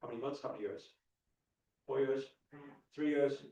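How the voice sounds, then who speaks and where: A man's voice: mid-range voice, fairly even intonation, normal speed, dark tone. A man in his thirties, a spiritual teacher giving a motivational talk to a live audience. He keeps putting questions to the crowd and repeats his points for emphasis. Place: large hall at a live event. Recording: echoey hall, speaker far from mic.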